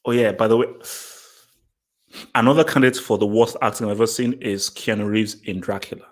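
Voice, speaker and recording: A man's voice: on the low side, steady tone, a little fast. A man hosting a casual question-and-answer talk to camera, blunt and emphatic, repeating himself with many fillers. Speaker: host answering viewer questions.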